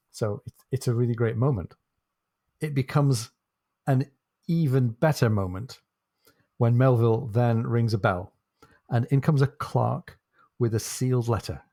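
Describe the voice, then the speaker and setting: A man co-hosting a podcast, musing about a novel and posing questions in a relaxed chat. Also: mid-range voice, unhurried, pauses often, no echo, clean studio sound. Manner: thoughtful, poses questions to the listener. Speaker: podcast co-host. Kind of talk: casual book discussion.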